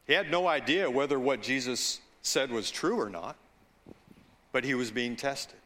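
A male pastor preaching a sermon, slow and deliberate, with storytelling asides and calls for agreement from the congregation. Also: mid-range voice, bright, forceful tone.

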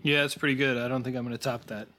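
Bright-voiced man musing about a film. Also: medium pitch, fairly even intonation, rapid-fire, slight background noise. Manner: thoughtful, hesitant with restarts. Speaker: podcast co-host. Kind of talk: casual film review chat.

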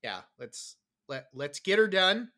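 Bright, animated male podcast co-host. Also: sits high, measured pace. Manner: animated, laughing, playful. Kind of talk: casual podcast chat.

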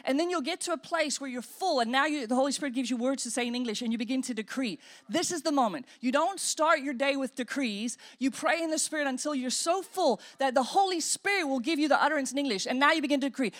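A woman pastor preaching a sermon in an animated way, acting out inner voices and demonstrating praying in tongues. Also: high voice, brisk, few pauses.

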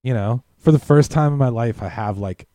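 A man's voice: medium pitch, a little fast, warm tone, no echo. A man chatting as a podcast guest, telling blunt, rambling stories laced with swearing. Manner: blunt, profane, rambling storytelling. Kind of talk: casual podcast chat.

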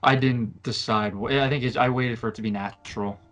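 A man's voice: mid-range voice, steady tone, fairly quick, fairly bright tone, soft background music. A man chatting casually on a podcast about playing a tabletop game, hesitant and self-mocking.

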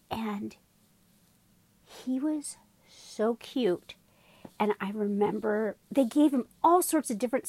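A woman chatting casually as a podcast co-host, telling animated stories that swing from hushed asides to big laughs. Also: mid-range voice, no room sound. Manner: animated storyteller, drops to whispers and bursts into laughter. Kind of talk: casual chat.

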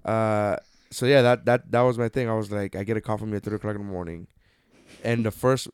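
A man's voice: fairly low pitch, fairly even intonation, fairly quick, a little mellow, clean tone, no room sound. A young man co-hosting a casual podcast, telling rambling, profane stories into a studio mic. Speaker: podcast co-host. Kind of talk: casual chat. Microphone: studio microphone.

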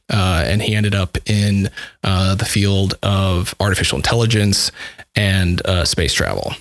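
Halting, low-voiced man retelling a story. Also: no echo. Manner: halting, repeats words and restarts often. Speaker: composer describing his dissertation project. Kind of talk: casual storytelling in conversation.

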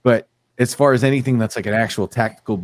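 A man's voice: medium pitch, steady tone, fast talker, no room sound. A man hosting a casual podcast, reading news aloud with a sardonic edge. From United States. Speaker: podcast host.

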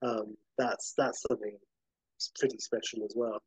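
A man's voice: on the low side, flat delivery, normal speed, husky, dry recording, poor audio. A man co-hosting a podcast in casual chat, laughing along and gushing with praise. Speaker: podcast co-host.

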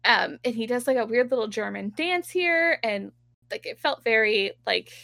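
A woman's voice: on the high side, moderate pace, creaky, sharp tone, dry recording, studio quality. A woman in casual podcast chat, recapping an episode, acting out quotes and laughing often. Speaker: podcast co-host.

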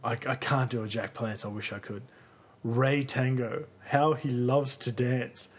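A man's voice: mid-range voice, steady tone, unhurried, a little hiss or hum. A man co-hosting a podcast, gushing about a film in enthusiastic, profane, playful casual chat. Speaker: podcast co-host.

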